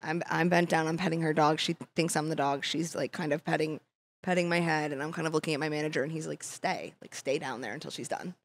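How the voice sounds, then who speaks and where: A woman's voice: low-pitched, level tone, fast talker. A woman chatting casually as a podcast guest, laughing often as she tells her stories. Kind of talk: casual chat.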